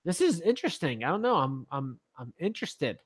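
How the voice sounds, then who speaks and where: A man's voice: on the high side, sing-song, a little fast, slightly rough, no room sound. A man co-hosting a casual podcast, chatting and reading news items aloud with his own asides. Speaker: podcast co-host.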